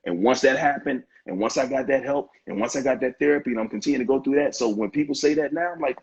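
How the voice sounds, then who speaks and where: A man in his fifties with a very raspy, gravelly voice, speaking earnestly and with heartfelt emphasis. He restarts and repeats phrases as he works through his points. The sound is dull and lo-fi, like a streamed interview. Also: medium pitch, quick pace, few pauses. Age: 50s. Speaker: interview guest, author. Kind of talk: earnest conversational interview talk. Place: online live-stream interview.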